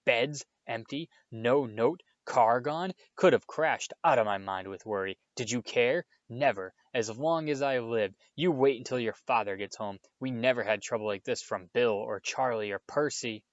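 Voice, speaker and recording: A man reading aloud voices a stern, worried mother who scolds her sons loudly, on a dull, lo-fi recording. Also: mid-range voice, a little fast, no echo, close to an everyday voice. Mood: furious scolding. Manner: scolding, loud bursts, motherly to the guest. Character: stern, worried mother of seven, fierce temper.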